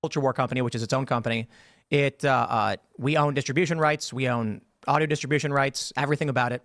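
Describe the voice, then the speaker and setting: A podcaster explaining his show's licensing deal, halting with restarts. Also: mid-range voice, fairly even intonation, fairly bright tone, no echo, clean studio sound. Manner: halting, many fillers and restarts. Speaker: podcaster being interviewed. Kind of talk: explanatory statement in a played clip.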